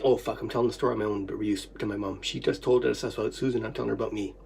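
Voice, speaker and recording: A person rambling through recalled memories in a solo recording, swearing constantly, swinging from muttering to loud outbursts, and breaking into coughing fits. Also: mid-range voice, fast, creaky.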